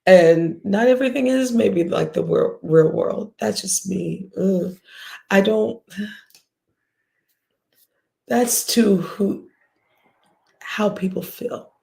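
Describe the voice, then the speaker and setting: A woman's voice: mid-range voice, takes it slowly, gravelly, pauses often, mellow. A woman hosting a livestream, ranting bluntly and profanely at her viewers with scoffs and sighs. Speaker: livestream host.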